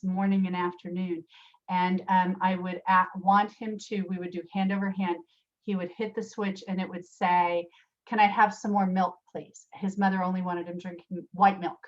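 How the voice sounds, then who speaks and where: Woman, workshop presenter, chatty, lots of fillers, mid-pitched, slightly dull video-call sound. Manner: chatty, many fillers and restarts, addresses attendees by name. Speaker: special education teacher. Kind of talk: virtual workshop talk with storytelling.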